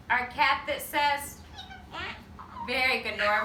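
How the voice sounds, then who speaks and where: A woman teacher leading circle time for toddlers, talking slowly and encouragingly in a sing-song way. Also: sits high, pushed and bright, reverberant, distant mic, slight background noise. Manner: sing-song, slow and encouraging with small children. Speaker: preschool teacher.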